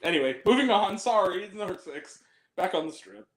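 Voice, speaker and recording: A man chatting casually on a film review podcast, animated and profane, laughing often as he rants. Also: high-pitched, fairly quick, echoey room, crowd noise, rough recording. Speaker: podcast co-host reviewing films. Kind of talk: casual chat.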